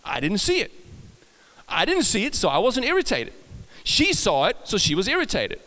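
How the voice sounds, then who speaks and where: A man's voice: extremely high pitch, sharp tone. A man with a Swedish accent preaching a sermon, telling stories with frequent restarts and repeated words. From Sweden. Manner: storytelling with frequent restarts and self-laughter. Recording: long hall reverb.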